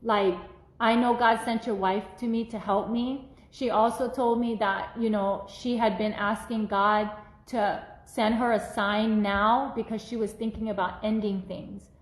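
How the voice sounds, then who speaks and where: A woman minister telling a personal testimony in an animated, casual way, acting out the voices she quotes. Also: mid-range voice, measured pace, echoey room, rough recording.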